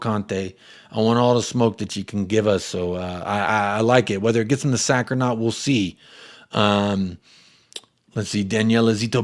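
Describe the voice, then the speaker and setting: A young American man hosting a football fan live stream at a medium pitch. He reads viewers' comments aloud and shouts them out one by one, with an animated, chatty energy. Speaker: fan channel host. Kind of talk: live-stream chat reading.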